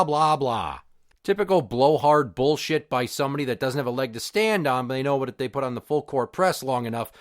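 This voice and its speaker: A man hosting a podcast, telling a crude, sarcastic and exasperated rant about a pushy visitor. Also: on the high side. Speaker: podcast host. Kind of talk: profane storytelling rant.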